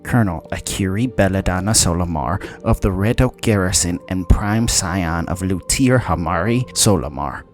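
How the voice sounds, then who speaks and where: A man voicing a haughty fae woman who speaks in a formal, cutting, measured way. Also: deep voice, faint music behind, natural voice. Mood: cool, cutting.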